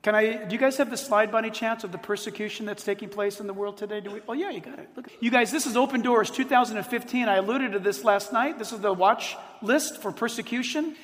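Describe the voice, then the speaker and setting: A middle-aged male pastor with a high voice delivers a sermon in a large hall, and long reverb trails his words. He tells stories with animation and hammers points home by repeating them. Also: fast, few pauses. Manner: animated storytelling, emphatic repetition. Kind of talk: sermon to a live audience.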